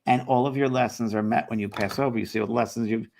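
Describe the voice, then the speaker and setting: A man's voice: medium pitch, creaky. A man hosting a casual chat, telling a story animatedly and briefly voicing the people in it. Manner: animated storytelling, quotes others with quick voice shifts. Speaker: host.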